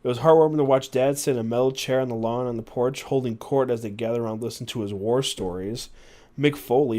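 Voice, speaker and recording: A man's voice: medium pitch, darkish tone. Man reading aloud on a podcast. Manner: reads passages aloud, doing the quoted voices, with fillers and asides. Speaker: podcast host.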